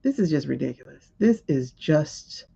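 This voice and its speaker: A woman's voice: sits low, expressive, moderate pace, vocal fry, warm tone, slightly rough. A woman hosting a live stream, giving casual, exasperated running commentary as she talks back to footage she is watching. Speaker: host of a live tarot stream. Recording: lo-fi stream audio.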